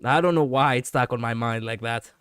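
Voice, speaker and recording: A man's voice: mid-range voice, brisk, fairly bright tone, clear, resonant tone, dry recording, clean studio sound. A man chatting casually on a livestream as a VTuber, rambling and laughing often while he responds to viewers. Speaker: VTuber streamer.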